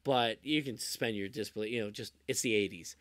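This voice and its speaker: A man's voice: fairly low pitch, brisk, a bit bright, no room sound. A man hosting a casual podcast, talking enthusiastically about movies with many restarts. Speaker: podcast host.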